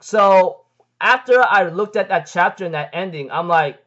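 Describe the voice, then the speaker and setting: A man's voice: high-pitched, animated, normal speed, fairly bright tone, dull audio. A man giving a casual, rambling recap of a manga chapter, full of "like, um" fillers and casual swearing. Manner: rambling, heavy on "like, um" fillers and "freaking".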